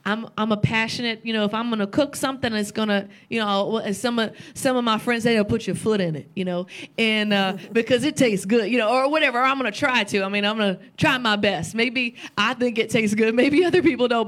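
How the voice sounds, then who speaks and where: A woman's voice: on the high side, fairly quick, a bit bright. A woman preaching a sermon with passion, repeating phrases and asking rhetorical questions, at times tearful.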